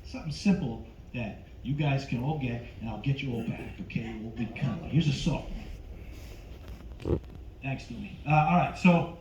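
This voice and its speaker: An older man performing a stand-up comedy set, animated and teasing the crowd from a club stage on a handheld mic. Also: medium pitch, normal speed, soft background music. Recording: echoey club room, slightly dull.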